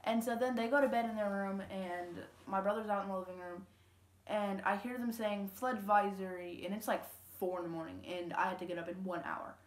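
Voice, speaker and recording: A woman's voice: medium pitch, fairly even intonation, brisk, roomy sound. A teenage girl from Louisiana telling a story to camera at home, rambling casually with lots of fillers and quoted dialogue. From Louisiana, USA. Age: teens. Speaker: vlogger. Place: home room.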